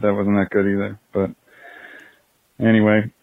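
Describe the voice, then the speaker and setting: Flat-voiced man on a tinny phone line. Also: fairly low pitch, vocal fry, no room sound. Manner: flat, matter-of-fact, halting. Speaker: caller. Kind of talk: phoned-in storytelling.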